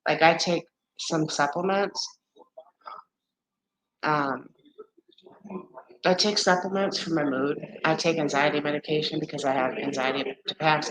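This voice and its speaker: A woman's voice: sits low, fairly bright tone, poor audio. A woman in her forties hosting a live stream, talking candidly and ramblingly with viewers and swearing freely. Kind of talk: casual chat with viewers.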